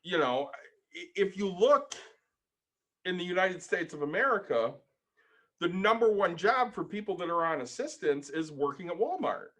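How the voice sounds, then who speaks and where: Podcast co-host, somewhat high male voice, even and explanatory. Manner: measured, explains things and asks pointed questions. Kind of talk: casual chat.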